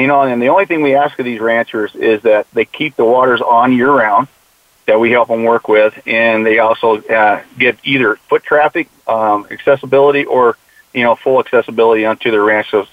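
A man's voice: medium pitch, steady tone, brisk, dry recording. A man who mentors young hunters tells stories in an earnest, conversational way and often quotes what he tells the kids. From United States. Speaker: mule deer conservationist and youth hunting mentor. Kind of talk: casual conversational interview. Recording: tinny phone-like dry sound.

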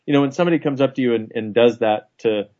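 A man co-hosts a radio talk show in an easy, joking manner and laughs often. His pitch sits mid-range, and the broadcast sound is a little dull. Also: fast, a little mellow. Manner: chatty, joking, laughs easily. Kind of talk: casual chat.

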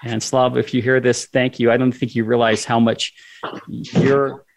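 A man's voice: medium pitch, flat delivery, normal speed, vocal fry. A man telling a personal story as a guest in a casual conversation, acting out his own lines of dialogue along the way.

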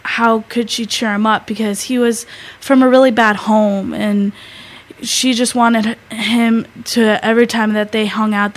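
A teenage girl co-hosting a talk show, telling a story in a halting way, with many fillers and restarts. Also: medium pitch, low-quality recording. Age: teens. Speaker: co-host. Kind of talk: casual storytelling.

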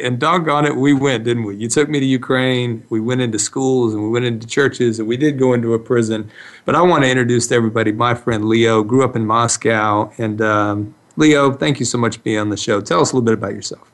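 Male radio host, mid pitch, loose storytelling delivery with restarts. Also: steady tone, brisk. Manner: rambling, storytelling with frequent restarts. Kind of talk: casual radio talk.

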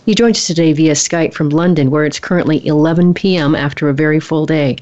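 A woman's voice: low voice, fairly quick, darkish tone. A woman hosting a talk radio show about work, upbeat and chatty as she introduces her guest. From United States. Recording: muffled lo-fi broadcast audio.

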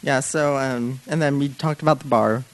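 A woman guest chats casually, agreeing often and starting with hesitant fillers. Her voice is extremely low for a woman. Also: steady tone, normal speed. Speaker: guest co-host. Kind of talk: casual chat.

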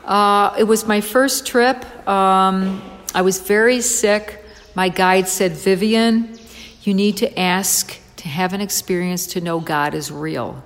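A woman guest in an interview, telling her story in a lively, excitable way with frequent fillers. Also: mid-range voice, vocal fry, in a large hall. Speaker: interview guest, dog rescuer.

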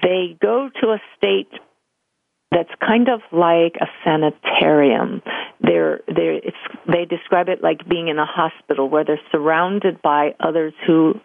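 A woman's voice: sits low, unhurried, creaky, no room sound. Older woman on a tinny phone line. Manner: animated storyteller, acts out quoted voices. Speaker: medium, interview guest. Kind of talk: conversational interview storytelling.

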